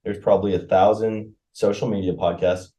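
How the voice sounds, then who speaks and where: A man co-hosting a casual podcast with his wife, joking and telling quick stories. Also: lowish voice, flat delivery, warm tone. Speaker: podcast co-host. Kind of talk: casual chat.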